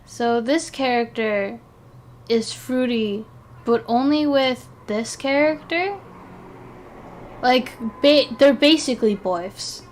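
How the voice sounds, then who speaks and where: A young woman streaming, chatting casually in an excitable, rambling way, sleepy and yawning between thoughts. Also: on the high side, takes it slowly, a little hiss or hum. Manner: excitable, rambling, giggly, with restarts. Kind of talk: casual chat while ranking game characters.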